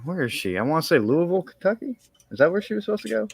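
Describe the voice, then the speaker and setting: A man's voice: high voice, sing-song, very fast, creaky, husky, no echo. A man joining friends on a live stream, joking and trailing off mid-thought. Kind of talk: casual live-stream banter.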